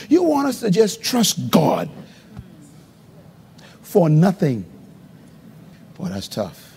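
A man preaching a live sermon as pastor to a congregation, calling for responses and swinging between loud high exclamations and low murmurs. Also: huge pitch swings, takes it slowly, creaky, long pauses, slightly rough. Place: church hall before a congregation. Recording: live recording with long hall reverb.

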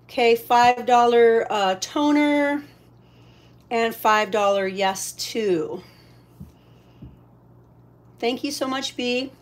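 A woman's voice: a little high, drawn-out words, pauses often. A woman hosting a casual live shopping stream. She is chatty, thanks each buyer and stops to coo at her pets.

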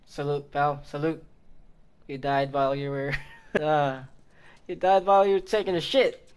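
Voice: medium pitch, steady tone, a little slow, clear, resonant tone. A gaming video creator giving reaction commentary over gameplay, taunting and swearing at enemies, talking to the characters, laughing and yelping often. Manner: laughs often, sudden yelps and shouts; talks to the game characters.

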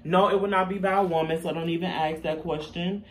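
A young man talks candidly to camera in a casual vlog, chatty and quick to laugh at himself. His voice sits a little high for a man. The camera mic is some way off, so he sounds distant, with a faint hiss behind him. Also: fairly even intonation. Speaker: vlogger.

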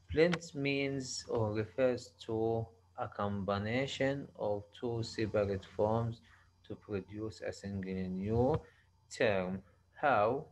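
Slow, halting Arabic-accented male lecturer. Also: medium pitch, rough recording. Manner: slow, halting explanation with frequent restarts and repetitions. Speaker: university lecturer. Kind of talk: recorded online lecture.

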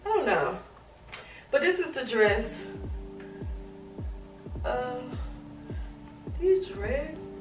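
A woman's voice: a little high, a bit bright. A young woman, chatting casually to viewers during a try-on haul, laughing and out of breath. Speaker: fashion vlogger. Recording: echoey room, far from mic, faint music.

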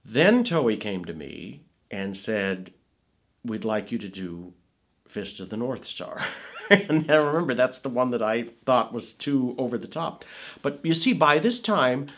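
A middle-aged man in a casual interview, animatedly recalling his film work, his voice trailing off softly at the ends of phrases. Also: medium pitch, sing-song, unhurried. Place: Woodland Hills, California.

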